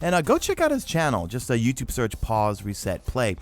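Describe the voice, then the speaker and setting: Man, New York accent, lively swooping pitch, casual gaming Q&A host, quick filler-heavy talk. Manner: animated, fast-talking with many fillers. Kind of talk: casual Q&A chat.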